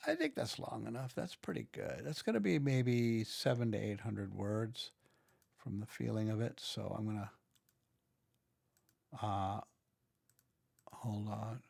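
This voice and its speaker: A man's voice: fairly low pitch, lively intonation, unhurried, gravelly, pauses often, a little mellow, no echo. A man walking through his computer work in a casual, rambling way, thinking aloud and restarting his sentences. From United States. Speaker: audiobook narrator and video creator. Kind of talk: casual screen-recording walkthrough.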